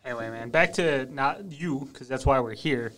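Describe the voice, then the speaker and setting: A young man hosting a podcast, speaking in a smooth voice with a laid-back, rambling manner full of filler words. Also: mid-range voice, normal speed, fairly bright tone. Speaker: podcast host. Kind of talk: casual interview chat. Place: podcast studio.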